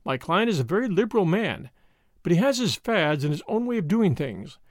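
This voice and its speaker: A pushy agent who insists on his terms, as a man voices him. He speaks briskly, with a lively, fairly high voice. The sound is dry and close. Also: dry recording. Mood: insistent.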